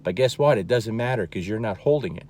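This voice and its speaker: A man's voice: lowish voice, animated, fast talker, darkish tone, slight background noise. A man teaching as a dog trainer, talking plainly and emphatically, often checking in with "okay?" and repeating key words. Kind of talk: instructional talk to camera.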